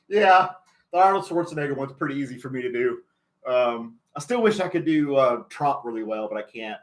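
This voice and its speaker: A man's voice: mid-range voice, lively intonation, moderate pace. A man hosting a casual chat show, talking loosely and laughing often. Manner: chatty, laughs a lot. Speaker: host.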